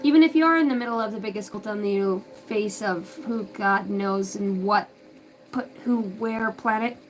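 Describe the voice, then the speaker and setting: A woman in her thirties, a psychic medium doing a casual live reading, rambling and profane, swinging between loud outbursts and soft asides. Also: medium pitch, moderate pace, a little hiss or hum. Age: 30s.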